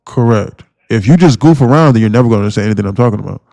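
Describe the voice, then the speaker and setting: A man's voice: fairly low pitch, expressive, racing, vocal fry, darkish tone, no echo. A man livestreaming his day trading, ranting bluntly with lots of swearing and mocking his viewers. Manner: blunt, swearing, mocks viewers in put-on voices. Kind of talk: profane ranting livestream talk.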